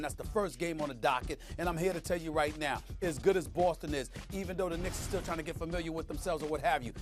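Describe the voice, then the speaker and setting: A man giving an emphatic, animated sports opinion segment, swinging between loud bursts and hushed asides. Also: a little high. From New York. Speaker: sports commentator.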